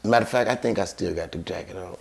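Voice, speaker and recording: A man's voice: sits low, fast talker, gravelly. A man telling a story in casual podcast chat, acting out quoted voices and swearing freely.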